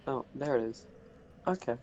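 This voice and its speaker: A man's voice: mid-range voice, moderate pace, darkish tone, a little hiss or hum. Easygoing man on a dull mic. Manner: easygoing, short replies, laughs a lot. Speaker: gamer recording the session. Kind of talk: casual gaming chat.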